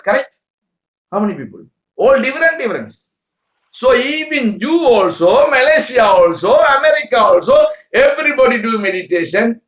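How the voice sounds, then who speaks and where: A man giving an informal spiritual talk to followers in broken English, repeating words and asking listeners questions. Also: sits high. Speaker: spiritual teacher. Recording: roomy echo.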